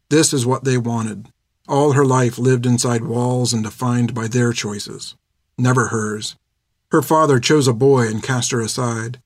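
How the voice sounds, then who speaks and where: A man narrating an audiobook in a steady, even storytelling manner. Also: mid-range voice, no echo, studio quality.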